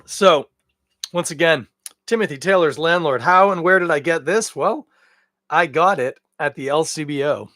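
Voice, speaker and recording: A man's voice: fairly high pitch, normal speed, pushed and bright, dry recording. A man hosting a podcast, giving a casual, jokey solo beer review full of rambling tangents. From Canada. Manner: chatty, jokey asides, drifting tangents.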